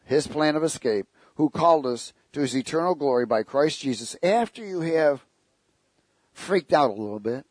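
A man's voice: a little high, lively intonation, moderate pace, slightly rough, no echo. A man preaching a sermon, telling stories with jokes and asking the congregation rhetorical questions.

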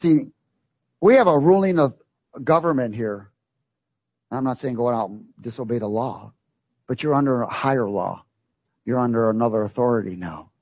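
A man's voice: medium pitch, expressive, normal speed, long pauses, a little mellow, no echo, dull audio. A man preaching a sermon, emphatic, repeating phrases and asking the congregation rhetorical questions.

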